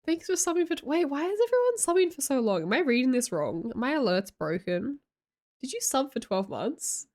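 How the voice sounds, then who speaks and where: Animated, chatty woman livestreamer. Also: high voice, brisk. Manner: chatty, reads chat aloud, giggly animated storytelling. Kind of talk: casual livestream chat.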